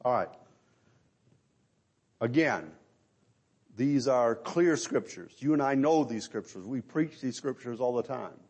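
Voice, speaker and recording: A man's voice: medium pitch, animated, measured pace, long pauses, a little mellow, husky, muffled recording. A middle-aged man preaching a sermon, emphatic and full of rhetorical questions to his listeners.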